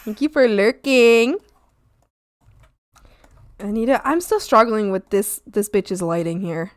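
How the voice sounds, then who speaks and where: A woman art streamer chatting casually with her viewers while she draws, excitable and giggly, often squealing and pleading with her chat. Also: medium pitch, slow pace, long pauses. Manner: talks to chat and greets viewers by name.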